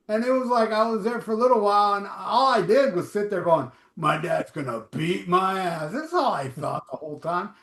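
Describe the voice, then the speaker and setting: High, bright-voiced rambling podcast host. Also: male voice, roomy sound. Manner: rambling, profane, jokey. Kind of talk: casual podcast banter.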